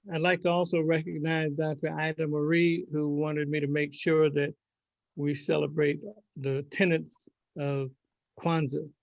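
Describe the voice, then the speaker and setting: Male forum host, gravelly, dull call audio; halting, spells things out. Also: fairly high pitch, level tone, dry recording. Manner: halting, spells out contact details slowly. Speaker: host of an online health forum. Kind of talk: closing remarks on a video call.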